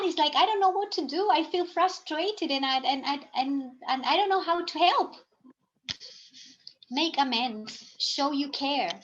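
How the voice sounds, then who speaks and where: A woman's voice: sits high, fairly bright tone, lo-fi sound, slight background noise. A woman teacher trainer giving a live presentation to teachers, chatty and thinking aloud, often saying "it's like" and restarting sentences.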